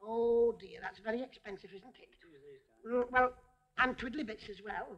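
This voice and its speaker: A woman's voice: fairly high pitch, fairly even intonation, normal speed, dull audio, a crowd in the background. A woman entertainer performing a comic stage routine, chatting to a teddy bear and fussing over it, coaxing and laughing as she goes.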